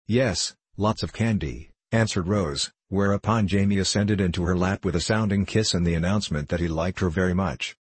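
A man narrating a classic novel in a measured storytelling manner. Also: sits low, steady tone, slightly rough. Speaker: audiobook narrator.

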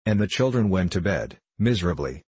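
Deep, husky male audiobook narrator. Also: dry recording. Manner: steady, measured storytelling. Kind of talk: scripted narration of a classic novel.

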